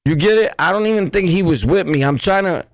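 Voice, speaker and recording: A man's voice: high voice, a little fast, dry recording. A man with a New York accent hosting a casual livestream, talking bluntly in repetitive street slang. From New York City. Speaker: livestream host.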